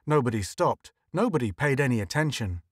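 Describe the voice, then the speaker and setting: A man's voice: medium pitch, expressive, fairly quick, dry recording. Man narrating a story, dry close sound. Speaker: audiobook narrator. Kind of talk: scripted narration.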